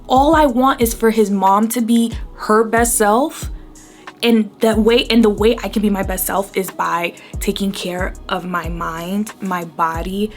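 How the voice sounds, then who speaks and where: Chatty emotional woman in her thirties. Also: a little high. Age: 30s. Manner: chatty, rambling, easily emotional. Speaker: beauty vlogger. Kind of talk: casual chat to camera while doing makeup.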